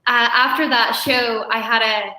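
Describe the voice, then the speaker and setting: A woman guest telling stories in a relaxed chat, laughing often. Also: fairly high pitch, a little slow, echoey room, poor audio. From Ireland. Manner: chatty storyteller, laughs often. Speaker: guest musician. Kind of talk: casual chat on a live stream.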